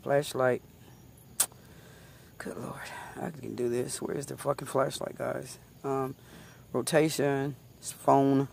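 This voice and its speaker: A woman, vlogging at home on her phone in loud, profane, laughing banter. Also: extremely low pitch, level tone, takes it slowly, vocal fry, long pauses, a little hiss or hum. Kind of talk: casual home vlog. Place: home, indoors then outdoors at night.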